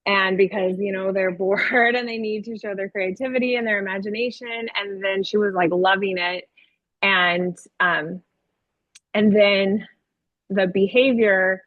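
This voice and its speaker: A woman who teaches kindergarten recounts her classroom in an easygoing, rambling way, leaning on "like" and "you know." Her voice sits at an ordinary middle pitch. The sound is thin and tinny, as over a phone line, with no room echo. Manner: chatty, heavy use of "like" and "you know". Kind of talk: casual storytelling in an interview.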